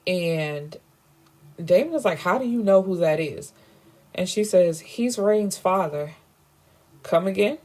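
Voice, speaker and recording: Woman, fairly low voice, chatty book recap, quotes the characters, lots of "you know". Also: expressive, measured pace, a little mellow. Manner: chatty retelling, acting out characters' lines with filler "you know". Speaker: book reviewer.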